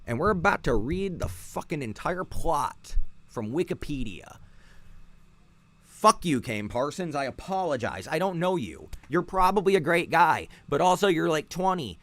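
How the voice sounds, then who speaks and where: Brief: irritated podcast host, foul-mouthed, casual, pitch jumping all over. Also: male voice, big pitch swings, moderate pace, fairly bright tone. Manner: profane, irritated ranting. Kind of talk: casual ranting commentary.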